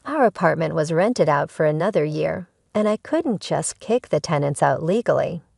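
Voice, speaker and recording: A woman narrating a first-person family drama, emotional and pointed. Her voice is low and gravelly, with lively swings in pitch. The recording is close and dry. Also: moderate pace, no room sound.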